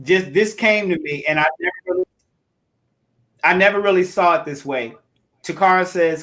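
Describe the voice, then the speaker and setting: A man on a discussion panel who speaks in short, measured phrases. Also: high-pitched, sing-song, bright, forceful tone.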